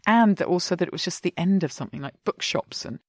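Fast-talking chatty actress. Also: female voice, lowish voice, no echo, studio quality. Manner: chatty, animated, acts out quotes. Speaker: actress guest. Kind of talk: casual interview.

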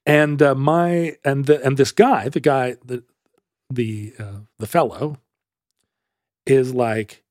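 This male podcast host takes it slowly in a mid-range voice while telling a long story on a casual talk show, animatedly voicing the people he quotes. It's a dry recording of studio quality.

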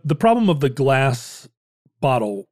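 A man's voice: medium pitch, big pitch swings, measured pace, a little mellow, no room sound, studio quality. A man co-hosting a casual history chat, rambling with many restarts and playful jokes. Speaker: podcast co-host.

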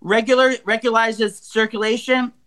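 A man's voice: extremely high pitch, level tone, normal speed, a bit bright. A man in his forties co-hosting a podcast, telling crude stories in casual, profane, rambling chat. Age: 40s. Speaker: podcast co-host.

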